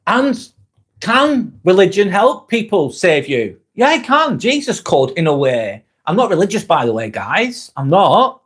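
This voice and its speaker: A man with a fairly high speaking voice hosts a live motivational chat and answers viewer comments as they come in. He talks bluntly and casually, swears freely and hammers his points home through repetition. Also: sing-song, measured pace, fairly bright tone, husky. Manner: talks while eating a snack. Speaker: live vlog host.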